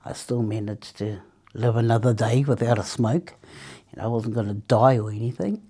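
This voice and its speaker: In a very deep, mellow voice with a breathy edge, a New Zealand woman talks at a moderate pace about how she quit smoking. As the interviewee, she spins chatty stories, laughs often, and mimics what people said to her.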